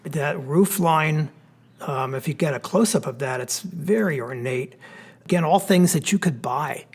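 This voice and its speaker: Pennsylvania guy, architect walking through slides, kinda husky, a bit high, lots of ums. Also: a little slow. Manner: relaxed, explanatory, with frequent fillers. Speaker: architect giving a history talk. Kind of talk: illustrated lecture with slides. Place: church hall.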